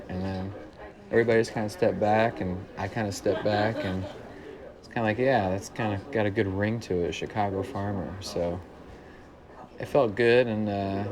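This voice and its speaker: A low, fairly flat-voiced man with a light small-town Illinois country twang, talking in a relaxed, rambling way. He is interviewed in a working man's bar, and crowd chatter fills the room behind him. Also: moderate pace. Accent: small-town Central Illinois, slight country twang. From Central Illinois, United States. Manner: easygoing storyteller, many "kinda" and "uh". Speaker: musician interviewee.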